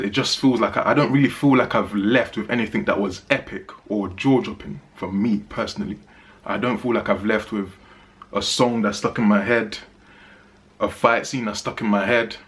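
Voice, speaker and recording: A man's voice: fairly low pitch, steady tone, moderate pace, a bit bright. A man giving a casual spoken movie review, chatty and emphatic, repeating phrases for stress.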